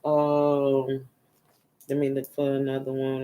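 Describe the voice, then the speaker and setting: A woman leads a casual spiritual energy reading. She speaks slowly in a lowish voice, rambling and repeating herself. At times she trails off into quiet murmurs. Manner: loose, rambling and repetitive, drifting into murmurs while searching a book. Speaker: spiritual reader.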